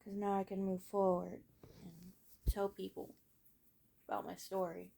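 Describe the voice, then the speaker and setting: Frank, rambling teenage girl with gravelly edge. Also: mid-range voice, flat delivery, unhurried, mellow. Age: late teens. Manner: frank and rambling, frequent swearing and fillers. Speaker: vlogger. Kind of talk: casual personal storytelling.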